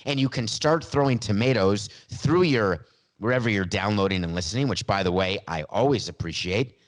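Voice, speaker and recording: A man hosting a solo podcast monologue, emphatic and opinionated, with self-deprecating asides, on a studio mic. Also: medium pitch. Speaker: podcast host.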